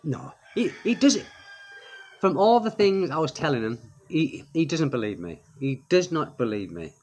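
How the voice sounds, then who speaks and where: English guy, vlog storyteller, fairly high voice with lots of swing, repeats himself for emphasis. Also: normal speed, slight background noise. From England. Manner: animated retelling, repeats phrases for emphasis. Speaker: expat vlogger. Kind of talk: casual storytelling.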